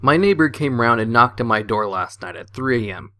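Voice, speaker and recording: A man reading a list of jokes aloud with an even, steady storytelling manner. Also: medium pitch, fairly quick, dry recording, clean studio sound. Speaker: narrator of jokes.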